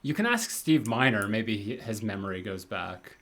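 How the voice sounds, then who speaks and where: A man's voice: on the low side, lively intonation, normal speed, a bit bright. A man co-hosting a podcast, talking casually with many fillers and trailing sentences. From abroad from his co-host. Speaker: podcast co-host. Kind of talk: casual chat.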